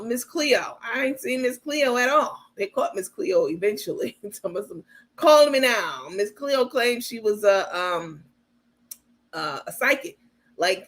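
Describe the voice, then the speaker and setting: With a slightly high, fairly bright voice, a woman runs a livestream, commenting casually in a blunt way, occasionally cursing. Her asides to viewers address them as "you guys" and "baby."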